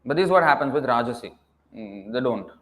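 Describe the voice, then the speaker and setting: A man's voice: mid-range voice, expressive, fast talker, fairly bright tone. A man giving a scripture lecture as a preacher, emphatic and scolding, firing rhetorical questions and dropping to a mutter at phrase ends.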